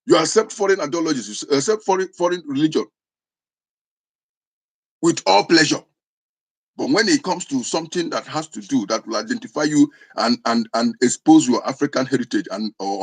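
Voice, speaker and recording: A man with an Igbo accent, a traditional spiritual teacher preaching in a scolding, insistent way, often restarting his words. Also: medium pitch. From southeastern Nigeria. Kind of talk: impassioned preaching to camera.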